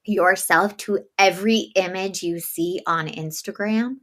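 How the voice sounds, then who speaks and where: Interview guest: a woman with a bright voice, animated storyteller, casual chat. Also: fairly low pitch, measured pace. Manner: animated storytelling, laughs often. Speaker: podcast host as guest.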